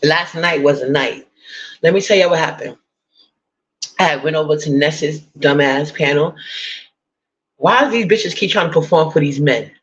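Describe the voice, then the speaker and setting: A woman's voice: deep voice, normal speed, long pauses, lo-fi sound, a little hiss or hum. A woman chatting casually to her viewers, blunt, profane and gossipy with laughing asides. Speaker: vlogger.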